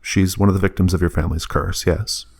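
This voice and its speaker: A man narrating a tabletop game as game master, describing scenes in a relaxed, halting way. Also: sits low, creaky.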